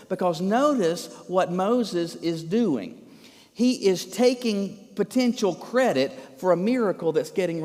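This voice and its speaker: A pastor delivers his sermon with emphasis and a stream of rhetorical questions, his fairly high voice carrying a long reverb through the church sanctuary. He presses each point home to the congregation. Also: a little mellow.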